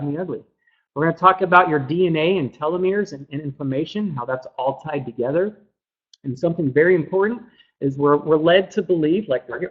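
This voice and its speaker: A man's voice: fairly high pitch, breathy edge. A man, a functional medicine practitioner, giving an earnest webinar presentation and often repeating words as he goes. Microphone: laptop microphone. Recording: dull lo-fi laptop audio.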